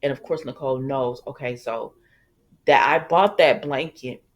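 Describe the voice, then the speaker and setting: A woman's voice: extremely low pitch, moderate pace. A woman hosting a casual soap opera recap, chatty and talking straight to her viewers. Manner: chatty, addresses viewers as "y'all".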